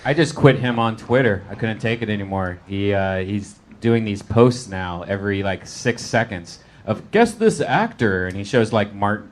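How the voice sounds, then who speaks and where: A man's voice: on the low side, normal speed, few pauses, slight background noise. A man co-hosting a live comedy podcast, making dry, offhand jokes. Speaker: podcast co-host.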